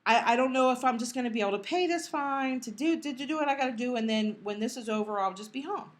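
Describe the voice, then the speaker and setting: A woman's voice: fairly high pitch, fast talker. A middle-aged woman recounts a hard personal story in a casual, emotional way. She halts, repeats herself and restarts, and slips in the words of others as she goes. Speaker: podcast co-host.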